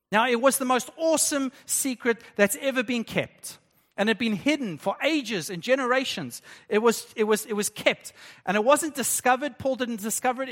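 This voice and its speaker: A man with a notably high voice preaching to his congregation in a conversational, question-asking way. His words ring out with a long reverb in a church hall. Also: a bit bright. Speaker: pastor. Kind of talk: sermon.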